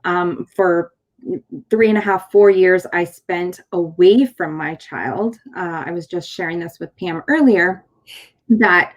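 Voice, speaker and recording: A woman's voice: on the low side, slow pace, highs cut off. A woman in her thirties from San Diego, a chiropractor hosting a show, telling a personal story in casual conversation. She tells it animatedly, acts out the dialogue, and uses many fillers and restarts. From San Diego, California.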